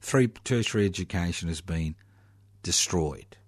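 A man's voice: sits low, no echo, studio quality. A man giving a sardonic political monologue full of rhetorical questions, leaning hard on key words. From Australia. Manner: sardonic, rhetorical questions, slow emphatic stresses.

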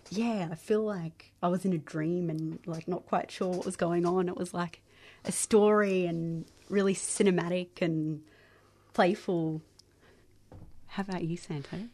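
Tentative female radio co-host, lowish voice. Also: fairly even intonation, a little slow, dark tone. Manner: thoughtful, tentative, fillers like um and like. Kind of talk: casual on-air chat.

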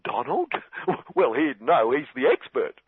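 A man's voice: mid-range voice, animated, normal speed, dry recording. Man, dry satirical radio commentator, ironic delivery, narrow phone-like sound. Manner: sardonic, mock-earnest irony.

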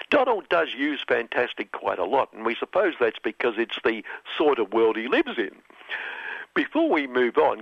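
A man's voice: mid-range voice, no echo. A man delivers biting satirical commentary, sardonic and heavy with mocking nicknames. His voice sits mid-range for a man. The recording is dull and lo-fi, dry with no room sound. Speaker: radio commentator.

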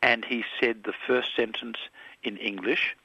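A man's voice: mid-range voice, fairly even intonation, a little slow, gravelly, slightly rough, dry recording, highs cut off. A man in his seventies with an Australian accent, a filmmaker answering interview questions thoughtfully, with hesitations and restarts. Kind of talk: reflective radio interview.

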